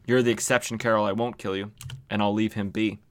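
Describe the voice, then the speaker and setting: A man's voice: on the low side, flat delivery, fairly quick, close to an everyday voice. A man voicing a smug, menacing male villain with a mock-courtly, threatening manner.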